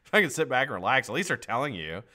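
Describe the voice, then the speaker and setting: A man's voice: mid-range voice, very animated, rapid-fire, pushed and bright. A man hosting a casual live stream. He chats loosely, swears a lot and laughs often. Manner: profane, joking, laughs often. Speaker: livestream host.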